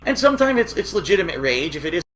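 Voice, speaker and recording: A man's voice: high voice, sing-song, rapid-fire, fairly bright tone. A man ranting to camera in an older video, indignant and profane. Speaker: gaming content creator in an older video.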